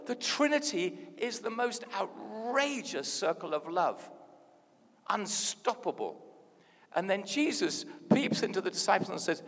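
Man, sermon, lively pitch, gravelly, hall reverb. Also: measured pace. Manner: animated, playful, swings from hushed to loud. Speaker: preacher.

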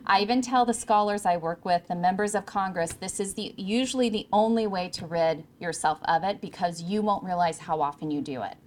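A woman's voice: medium pitch, fairly quick, hardly any pauses, slight background noise. A woman from California, a communication coach, giving an emphatic workshop talk to a room of interns. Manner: emphatic, clear presenter with varied pacing. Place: room with a live audience.

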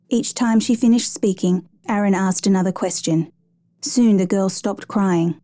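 A woman narrating a true rescue story in a measured, even storytelling manner. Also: medium pitch, no echo. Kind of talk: scripted narration.

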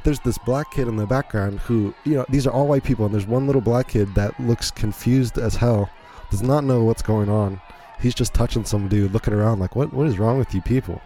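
Low, mellow-voiced man giving rambling commentary. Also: moderate pace, hardly any pauses. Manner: incredulous, rambling play-by-play. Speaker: podcast host. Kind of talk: casual commentary on a video.

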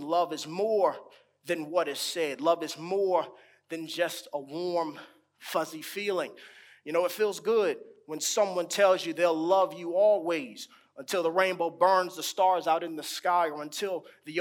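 Slow, deliberate preaching man. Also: on the high side, fairly even intonation. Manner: slow, dramatic pauses, stretched key words; rising emphasis on repeated phrases. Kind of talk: sermon.

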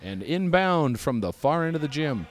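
A man's voice: on the high side, sing-song, normal speed. A man co-hosting comedic play-by-play for a rec-league basketball game from the side of a gym, with upbeat broadcaster patter. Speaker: co-commentator. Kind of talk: comedic sports commentary. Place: community gym, courtside.

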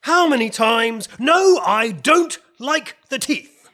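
A man playing the fussy, exasperated king of the fairies in a comedy sketch, given to shouted outbursts. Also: very high-pitched, lively intonation, slow, full character voice.

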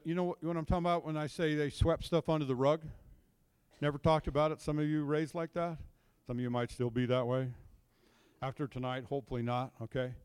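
Middle-aged male counselor preaching, fairly high voice, dry close sound, chatty storyteller who keeps checking in with the crowd. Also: darkish tone, clean tone, no room sound. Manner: conversational, draws the audience into call and response; storytelling, checks in with "okay?" and "right?". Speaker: counselor giving a church message. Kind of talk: sermon.

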